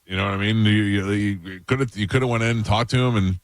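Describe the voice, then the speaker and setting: A man's voice: on the low side, steady tone, fast talker, no echo, clean studio sound. A man who is a father, co-hosting a radio show in laid-back casual chat.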